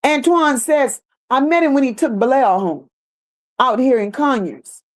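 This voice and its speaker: A woman's voice: sits high, animated, unhurried. A woman hosting a livestream, reading viewer comments aloud and answering them bluntly, with sassy repeated phrases. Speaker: livestream host.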